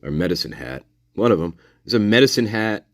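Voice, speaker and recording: A man's voice: on the low side, expressive, a little fast, no room sound, clean studio sound. A man hosting a casual live discussion, rambling, repeating himself and swearing freely. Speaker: livestream host.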